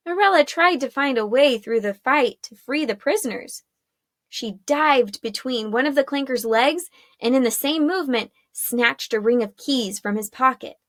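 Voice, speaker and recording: A woman narrating a chapter of a fantasy story in a steady storytelling manner. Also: fairly high pitch, no echo, studio quality. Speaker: audiobook narrator. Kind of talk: scripted narration.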